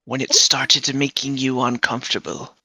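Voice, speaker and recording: A tabletop player speaking calmly and softly in character. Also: mid-range voice, normal speed, slightly rough, no echo, rough recording.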